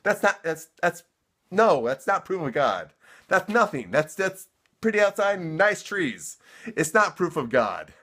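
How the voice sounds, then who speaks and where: Male vlogger, fired-up sarcastic rant, slightly high voice, emphatic, repeats words when heated. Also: big pitch swings, a little slow, a bit bright.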